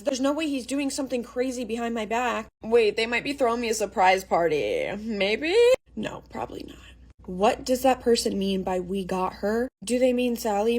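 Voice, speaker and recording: A young woman in her twenties narrating a storytime tale in a chatty, dramatic way, dropping to a hush and then bursting with excitement. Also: on the high side, breathy edge. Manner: chatty and dramatic, swings between hushed and excited.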